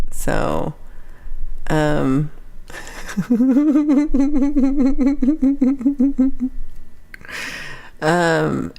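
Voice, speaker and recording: A young woman hosting a casual livestream chat, telling a story with lively quoted voices and laughs. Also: deep voice. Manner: animated storytelling, acting out quoted people, frequent laughs. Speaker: livestream host.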